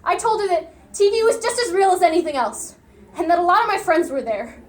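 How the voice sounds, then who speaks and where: A young woman performing a dramatic monologue as an unhinged young loner raised by television, lurching between hushed murmurs and shrill outbursts. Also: sing-song, fairly quick, echoey room, a little hiss or hum. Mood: bitter, wistful. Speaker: speech competitor.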